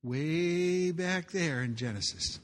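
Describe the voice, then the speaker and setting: A man's voice: on the high side, slow pace. A man preaching a sermon, reading scripture aloud and breaking in with jokey asides. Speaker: pastor.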